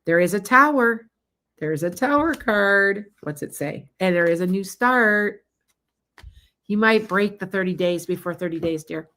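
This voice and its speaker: A woman's voice: medium pitch, expressive, measured pace, sharp tone. A middle-aged woman doing a live-streamed tarot reading, chatting casually and calling out viewers by name. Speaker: psychic tarot reader.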